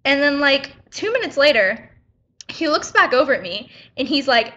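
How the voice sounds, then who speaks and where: Teen girl, bright and a bit high, indignant chatty storyteller, muffled webcam sound. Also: big pitch swings, normal speed. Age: teens. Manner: indignant, chatty retelling with quoted back-and-forth. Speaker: high school student vlogger. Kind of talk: casual vlog storytelling.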